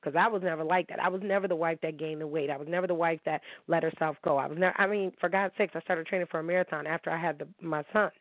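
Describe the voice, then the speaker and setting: A woman's voice: low voice, fairly even intonation, fast, few pauses, dry recording. A woman from upstate New York hosting her own talk show, telling her listeners about her divorce in a candid, heated way and often asking if they understand. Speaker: podcast host. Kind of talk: emotional personal monologue to listeners. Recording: thin phone-like dry recording.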